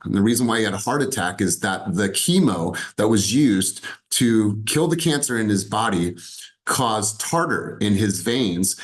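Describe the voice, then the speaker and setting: Middle-aged male sales coach, lowish voice, earnest and emphatic, sharing a personal motivational story. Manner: earnest, emphatic, repeats key phrases.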